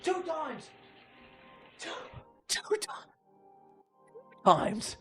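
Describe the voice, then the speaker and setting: A man hosts a live stream, calling joke races in a mock sports-announcer voice. He swings from a low, deadpan serious register to loud, high shouts as the finish nears. Faint music plays under his voice. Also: extremely slow. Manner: excitable, jokey race-caller, shouting names. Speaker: livestream host running giveaway races.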